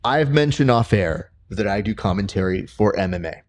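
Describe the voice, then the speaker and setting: A young male podcast host with a fairly low voice. He chats casually and tells stories with lots of energy, and his pitch leaps upward whenever he acts out what someone said. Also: moderate pace. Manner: animated storyteller, jumps pitch high for quoted voices. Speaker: podcast host and combat sports commentator. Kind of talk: casual interview chat.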